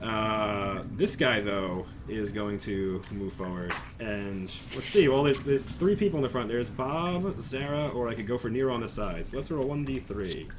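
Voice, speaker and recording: A man's voice: fairly low pitch, normal speed, hardly any pauses, noisy background. A man narrating as game master of a tabletop game in casual chat, often chuckling and restarting his sentences.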